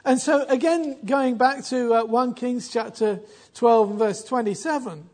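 Guy with a really high voice doing a bible history talk, chatty and wry, keeps restarting sentences. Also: measured pace, darkish tone. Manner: wry, conversational, with frequent restarts. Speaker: Bible teacher.

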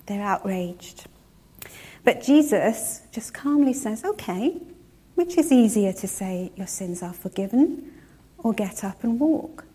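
A woman preaching a sermon, retelling a story in a measured way and slowing down to stress key words. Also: fairly high pitch, animated, mellow, husky.

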